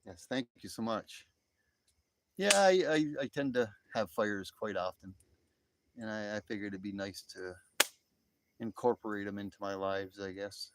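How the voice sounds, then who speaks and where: Beside an outdoor fire pit, a middle-aged American man chats on a phone live stream, reading viewer comments in an easygoing, rambling way with many restarts and fillers. His lowish voice moves at a measured pace over a noisy background.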